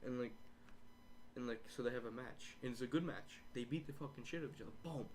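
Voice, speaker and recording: A man's voice: medium pitch, fast talker, slight background noise. A young man casually joking, acting out wrestling matches and chanting, recorded in his bedroom. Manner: excitable, swearing, acts out wrestling with loud chanting. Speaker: host.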